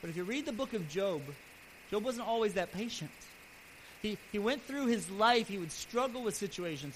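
A man pastor preaching a sermon earnestly, his voice swelling louder and then dropping soft. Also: sits high, moderate pace, rough recording. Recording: steady background hiss.

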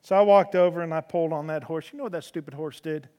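A man preaching a sermon in folksy storytelling style with humor, swinging from loud emphasis to soft, low delivery. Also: fast. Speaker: preacher in a horse ministry. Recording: long hall reverb.

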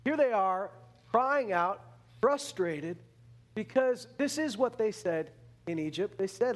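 A man preaching a sermon in an animated way, repeating words and restarting phrases as he acts out the people he talks about. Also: slow. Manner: animated, acts out the complaining Israelites in a higher voice.

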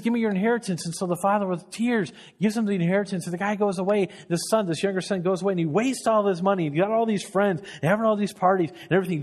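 Earnest preacher in a reverberant hall. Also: male voice, high-pitched. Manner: earnest storytelling, building intensity. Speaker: pastor. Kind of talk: sermon.

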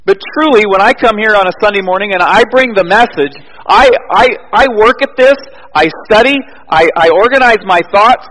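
A man's voice: high voice, moderate pace, a bit bright. Earnest man preaching in a reverberant hall. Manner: earnest storytelling, rising to emphatic peaks. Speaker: pastor. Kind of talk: sermon. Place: church.

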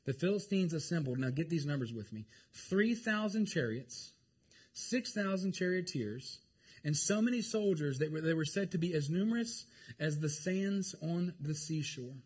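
A man preaching a lively, joking sermon to his congregation. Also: on the high side, moderate pace, slight background noise. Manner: animated, jokey, talks to the congregation. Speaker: pastor.

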